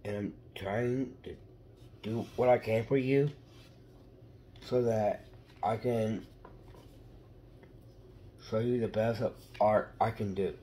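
A man chatting casually to viewers while he colors, rambling slowly. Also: on the low side, fairly even intonation, mellow, a little hiss or hum. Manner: slow, rambling, chuckling asides. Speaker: art video creator.

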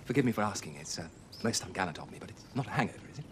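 An actor as a jovial gent. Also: male voice, fairly low pitch, lively intonation, very fast, natural voice. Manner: jovial, teasing, theatrical. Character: charming upper-class Edwardian gentleman. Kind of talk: 1970s television period drama. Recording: hissy old TV soundtrack.

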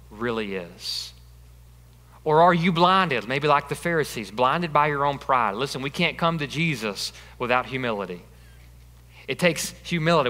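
A man preaching a sermon as pastor, emphatic and repetitive, building to loud peaks. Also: medium pitch. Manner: emphatic, repeats phrases, rising to loud peaks. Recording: long reverb of a large hall.

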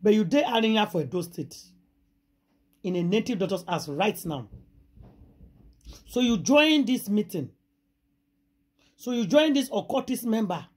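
Unhurried and full of long pauses, a Nigerian-accented woman with a husky, breathy, medium-pitched voice shares a juicy gossip story. Her darkish tone stays expressive as she dramatizes it, echoing her own exclamations, yet she remains casual, like a host talking to her usual viewers.

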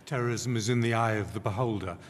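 Measured man speaking in a hall. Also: lowish voice, a little hiss or hum. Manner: measured, emphatic. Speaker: panel speaker. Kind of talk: debate answers. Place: large concert hall. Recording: long hall reverb.

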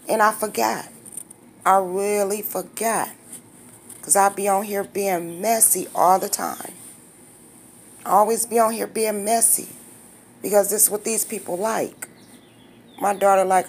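A woman's voice: mid-range voice, steady tone, a little slow, vocal fry, pauses often, a little hiss or hum. A woman in her fifties talking straight to her viewers in a casual vlog, blunt, candid, slangy and emotional. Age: 50s. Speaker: vlogger.

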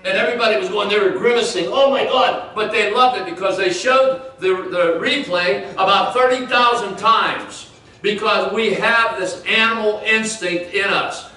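High-voiced preacher in an echoey church. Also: male voice, normal speed, pushed and bright, a little hiss or hum. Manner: conversational preaching with audience questions. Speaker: pastor. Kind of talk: sermon. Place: church sanctuary. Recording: echoey church room from far off.

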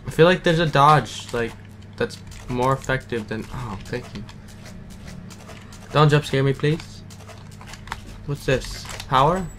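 Brief: man, let's play gamer, unhurried delivery, startles easily, swears, keyboard clatter audible. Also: mid-range voice, a bit bright. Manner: jumpy, swears and taunts enemies. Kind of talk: casual horror gameplay commentary. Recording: keyboard typing noise behind.

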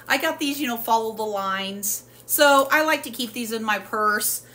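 A woman's voice: fairly high pitch, normal speed, bright, forceful tone. A woman chatting casually through a home haul video, rambling with lots of fillers, in her kitchen at home. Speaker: haul vlogger. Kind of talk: casual product haul chat.

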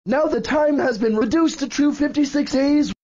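A man voices Barney as a bossy purple dinosaur in a fan cartoon, using a very high-pitched, squeaky voice with a darkish tone at normal speed. Barney scolds, makes threats, and repeats rules, all on dull lo-fi audio.

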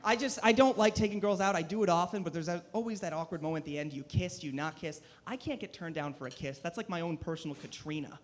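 Guy in his 20s doing deadpan standup in a comedy club, kinda high voice, talks into a handheld mic. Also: quick pace, hardly any pauses, slight background noise. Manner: deadpan, self-deprecating delivery. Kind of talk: stand-up set.

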